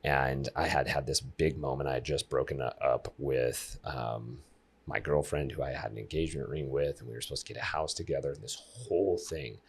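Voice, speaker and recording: A man in his thirties, a life coach guest on a podcast, telling stories in a lively, casual way and talking straight to the listeners. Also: extremely low pitch, a little fast, creaky, breathy edge. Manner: animated storyteller who addresses listeners directly.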